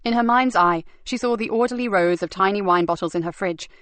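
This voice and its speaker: A woman narrating a crime novel audiobook with measured, even storytelling. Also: mid-range voice, no room sound. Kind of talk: scripted narration.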